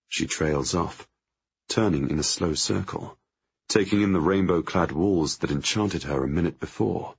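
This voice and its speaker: Brief: low, husky male narrator for a first-person novel, measured and tense, dry and slightly dull sound. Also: dry recording. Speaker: audiobook narrator.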